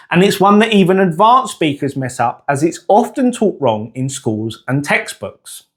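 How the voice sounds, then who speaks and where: A man teaching a scripted pronunciation lesson, speaking clearly and deliberately and drawing out example words slowly. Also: on the high side. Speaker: language teacher.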